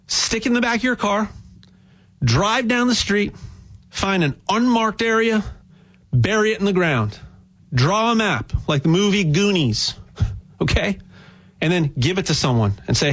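Guy rambling thru a gold sales pitch, kinda high voice, lots of stammery restarts and jokey asides. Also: lively intonation, moderate pace, a bit bright, slightly rough. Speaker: gold dealer spokesman.

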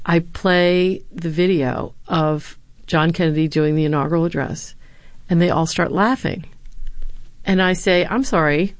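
A middle-aged woman, a former speechwriter and professor, answering interview questions with earnest, animated storytelling. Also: lowish voice, measured pace, no room sound. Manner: earnest, animated retelling of anecdotes.

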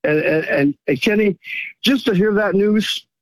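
A man's voice: high-pitched, a little slow, dry recording. Stammering, grateful male caller. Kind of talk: phone-in call.

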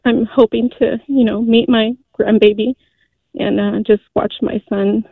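A middle-aged woman calls in over a tinny phone line, her voice a little high. She speaks earnestly and haltingly, with frequent fillers. The sound is dry and close. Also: fairly even intonation, husky, no room sound. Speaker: caller. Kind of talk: call-in radio testimony.

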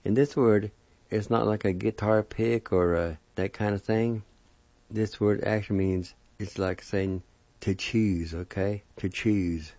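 A man giving a language lesson, spelling out words and slowly sounding out their syllables, repeating each one. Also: lowish voice, fairly even intonation, dark tone, no echo, lo-fi sound. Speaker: language teacher. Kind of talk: slow word-by-word pronunciation lesson.

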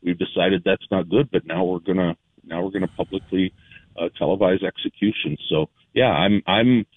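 A man's voice: sits low, fairly even intonation, normal speed, breathy edge, dry recording. A man calling in to a talk radio show, talking heatedly with a sarcastic edge. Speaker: caller. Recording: phone line.

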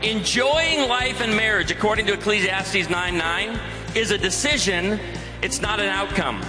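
A man's voice: high voice, moderate pace, over music. A man in his forties giving a humorous, emphatic sermon to a live audience. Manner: animated, emphatic, joking. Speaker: guest speaker. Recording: reverberant hall, faint ambience.

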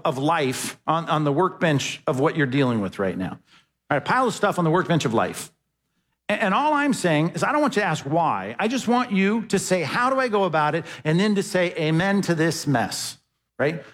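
A man's voice: on the high side, a bit bright. A man preaching an expository sermon as a pastor, talking conversationally and often asking the congregation questions. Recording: long hall reverb.

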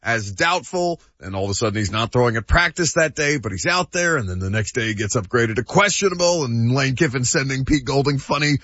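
A man's voice: mid-range voice, lively intonation, fairly quick, hardly any pauses, a bit bright, no echo, dull audio. A man co-hosting a sports talk show, giving opinionated takes in casual debate and laughing easily.

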